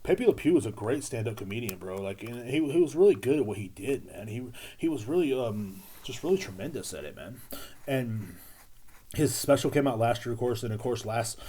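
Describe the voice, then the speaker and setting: A young man rambles through a crude comedic podcast monologue, circling back on himself with fillers and repeated phrases. His voice is mellow and warm at an ordinary middle pitch. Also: lively intonation, fairly quick, breathy edge. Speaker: podcast host.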